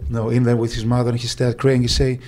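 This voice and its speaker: A man with a Greek accent recalling events in an interview, halting speech with many fillers and restarts. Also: mid-range voice, completely flat delivery, darkish tone. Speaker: agent. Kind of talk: interview recollection.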